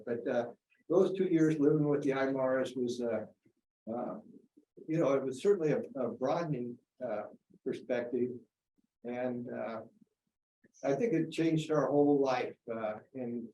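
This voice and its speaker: A man in his seventies telling a story at a college reunion, halting with many fillers. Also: mid-range voice, warm tone. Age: 70s. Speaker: reunion alumnus. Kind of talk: casual storytelling. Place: college meeting room. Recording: roomy hall, distant mic, faint noise.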